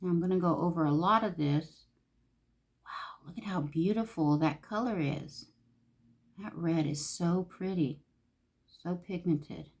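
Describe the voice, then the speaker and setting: A woman from Los Angeles, California, a beauty vlogger, talks to herself and gushes while casually chatting through a makeup tutorial. She speaks unhurriedly with frequent pauses, in a slightly mellow voice on the low side.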